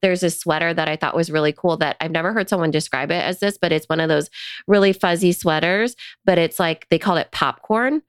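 A woman co-host talking business in a relaxed, chatty way, tossing in quick asides. Her voice sits lowish and sounds smooth and clear. The sound is dry and close, with no room around it. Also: no echo. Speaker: podcast co-host. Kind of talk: casual business chat.

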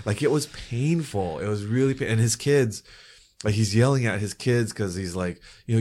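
A man hosting a casual car-club podcast, telling stories animatedly and signing off the show. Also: fairly low pitch. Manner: animated storyteller, quick asides with laughs. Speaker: podcast host. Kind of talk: casual chat.

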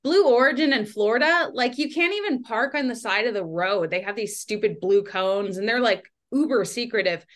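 A young woman talking as a podcast guest, chatty and animated, with lots of "like" and quick asides. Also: on the high side. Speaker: podcast guest, independent journalist. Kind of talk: casual podcast conversation.

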